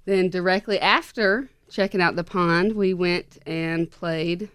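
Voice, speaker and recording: A woman's voice: on the low side, measured pace, a bit bright, clean tone, no echo. A woman in a casual podcast chat, recounting events matter-of-factly and chiming in. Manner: matter-of-fact recounting, chimes in.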